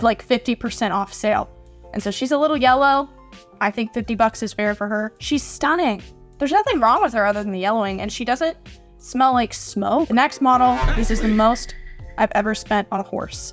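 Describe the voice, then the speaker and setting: Young female vlogger, higher register, playful and gushing, casual haul chat. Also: lively intonation, moderate pace. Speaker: model horse collector vlogger. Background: faint background music.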